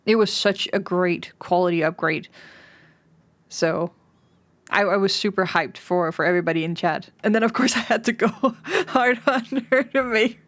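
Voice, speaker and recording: A young woman streaming live, chatting casually with her viewers, giggling often and breaking into excited high squeals.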